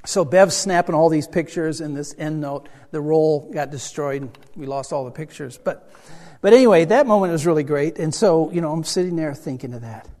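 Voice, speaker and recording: An older man preaching a sermon as a pastor. He tells a personal story in a chatty, animated way, with self-deprecating humor. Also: a little high, normal speed, hardly any pauses. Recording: reverberant hall sound.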